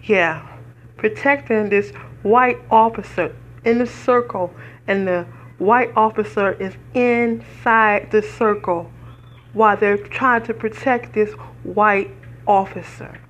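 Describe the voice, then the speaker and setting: A woman's voice: medium pitch, takes it slowly, dull audio. Tearful, emphatic woman podcaster. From United States. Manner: earnest, preacherly, emphatic. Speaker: podcast host. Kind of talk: emotional personal commentary.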